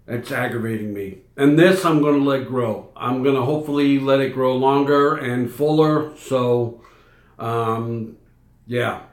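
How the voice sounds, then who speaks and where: A man's voice: medium pitch, reverberant. A man in his fifties with a Boston accent, chatting casually to camera in a rambling, self-interrupting way. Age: 50s. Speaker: vlogger.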